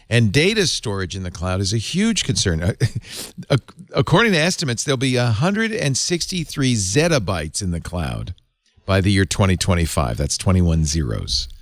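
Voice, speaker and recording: A middle-aged man with a lowish voice, recorded at studio quality with no room sound, hosts a tech panel show. He chats casually and animatedly, laughing often, and also reads advertisements.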